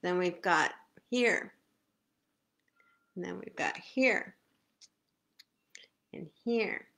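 A woman leading a live guided face massage session, giving slow, soothing step-by-step cues. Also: on the low side, gravelly, fairly bright tone. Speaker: self-care instructor.

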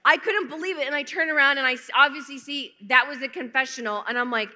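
A woman's voice: sits high, fast, hardly any pauses, pushed and bright. A woman from the United States giving a testimony talk at a conference, telling her story with humor and acting out the quotes. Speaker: conference speaker. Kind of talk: testimony talk to a large audience. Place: large conference hall. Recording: long hall reverb.

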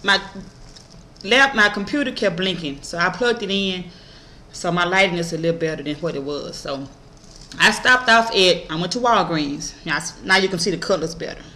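A woman's voice: fairly low pitch, normal speed, rough recording. A woman, chatting casually to camera about her shopping haul, blunt and profane, telling stories animatedly. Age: adult mother. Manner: animated storytelling, acts out others' voices. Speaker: vlogger showing a shopping haul.

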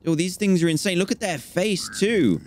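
A young man hosting a gaming channel, giving let's-play commentary and swinging between calm chatter and panicked yelps. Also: high-pitched, moderate pace, a little hiss or hum.

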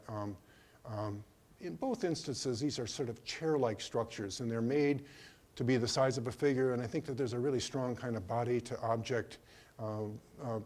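An older man giving a slide lecture on his own work, speaking in a hesitant way with many pauses and restarts. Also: medium pitch, darkish tone. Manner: hesitant, full of ums and restarts. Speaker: artist giving a museum talk.

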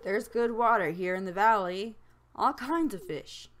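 A woman reading aloud the lines of a folksy old male fisherman and shopkeeper from a game, in a slightly lowered voice. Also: measured pace, slight background noise, close to an everyday voice.

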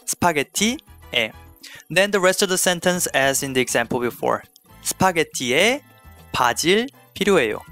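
A man delivers an online language lesson in a slightly raised voice, explaining each step clearly and adding playful little jokes. Soft music plays faintly behind him. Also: a little high, expressive, a little fast. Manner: playful, slips in small jokes. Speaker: Korean language teacher.

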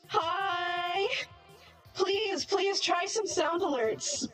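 A woman's voice: very high-pitched, drawn-out words, pauses often, fairly bright tone, faint music behind. A woman live-streaming a game and chatting casually with viewers, giggly and bubbly, flustered and self-deprecating, with a robot voice filter on. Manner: giggly and bubbly, laughs often.

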